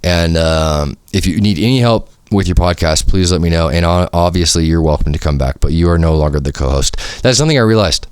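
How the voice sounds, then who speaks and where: A man with a low, deep voice talks through a solo podcast in a loose, rambling way. He peppers his talk with slang, swearing and "you feel me". The sound is close and dry, with no room around it. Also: fairly quick, hardly any pauses, smooth, dry recording. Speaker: podcast host. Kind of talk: casual solo podcast monologue. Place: home studio.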